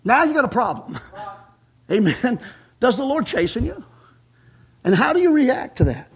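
A man delivers a folksy sermon in a very high, husky voice at normal speed, his pitch swinging widely. He chuckles as he goes, sprinkles in "amen" often, and works up to fervent shouting.

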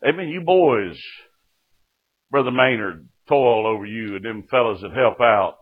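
Fervent preacher, tinny sound. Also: male voice, medium pitch, lively intonation, a little slow, breathy edge. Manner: fervent storytelling, punctuated with "Amen". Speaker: preacher giving testimony. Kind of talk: sermon testimony.

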